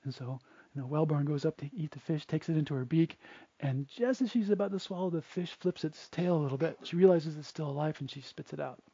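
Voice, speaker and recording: A man's voice: a little high, a little fast, dark tone, breathy edge, dry recording. A man, a Buddhist monk, retelling a story in a casual, chatty way with fillers, on a dull, dry lo-fi recording. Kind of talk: storytelling dharma talk.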